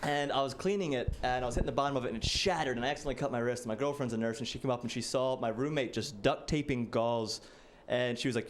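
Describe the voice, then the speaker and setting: A man's voice: medium pitch, rapid-fire, hardly any pauses, noisy background. A man in his late twenties doing a casual, self-deprecating stand-up set, peppered with "like.". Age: late 20s. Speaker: stand-up comedian. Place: stage before a live audience.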